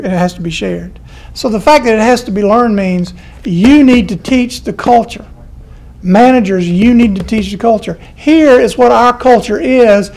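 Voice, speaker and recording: Southern professor, middle-aged man, gravelly, folksy classroom talk. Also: high voice, darkish tone. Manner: chatty, folksy, repeats key points. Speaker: college professor. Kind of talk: classroom lecture.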